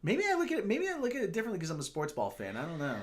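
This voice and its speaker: A man's voice: sits high, huge pitch swings. A man hosting a casual livestream, arguing his point with frequent restarts and repeated words. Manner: halting, restarts a lot, argues his point. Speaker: streamer host.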